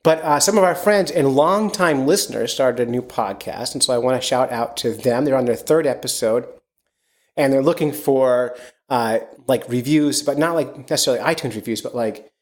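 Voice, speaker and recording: A man in the host's chair of a relaxed fishing podcast. His voice sits at an ordinary pitch, and he rambles easily from topic to topic, full of ums and restarts. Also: moderate pace. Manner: rambling, chatty, many fillers and restarts. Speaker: podcast host. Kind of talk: casual chat.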